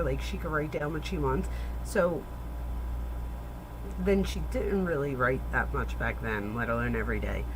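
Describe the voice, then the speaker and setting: A woman's voice: lowish voice, background noise. A woman commentating on a true crime interview, talking straight to her viewers in a chatty, analytical way. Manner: chatty, addresses viewers directly, analytical asides. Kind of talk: casual reaction commentary.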